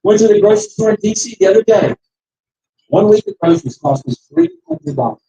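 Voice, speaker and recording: High, lively man giving a rally speech. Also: fast, creaky, lo-fi sound. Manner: animated storyteller who acts out the quoted voices. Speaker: campaign rally speaker. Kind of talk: political rally speech with anecdotes. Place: restaurant campaign stop.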